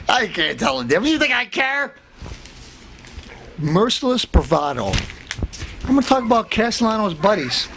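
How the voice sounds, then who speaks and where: Man, very high voice, swooping pitch, boastful tough-guy comic rant, bursts of shouting. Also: a little hiss or hum. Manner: boastful, blustering, threatening to beat people up. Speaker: comedy show host.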